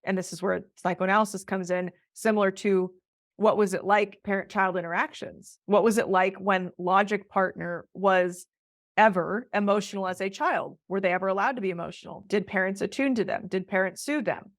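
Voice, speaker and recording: A woman co-hosting a relationship podcast, explaining ideas in a lively conversational way and acting out short quoted lines. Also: medium pitch, a little fast, no room sound, clean studio sound. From Italian heritage. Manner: animated, acts out quoted voices. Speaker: podcast co-host, relationship therapist.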